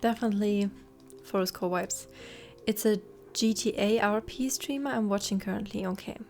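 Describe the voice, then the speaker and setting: While streaming a game, a young woman whose first language is German chats casually and rambles, tossing soft asides to her chat over faint game music. Her voice is mid-range with fairly even intonation and a moderate pace.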